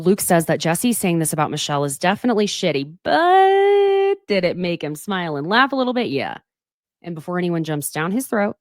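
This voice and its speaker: A woman's voice: deep voice, no echo, studio quality. A woman, hosting a casual podcast recap with lots of laughter and asides to listeners. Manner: animated, gossipy, laughs often, talks to listeners directly. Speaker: podcast host recapping a reality show.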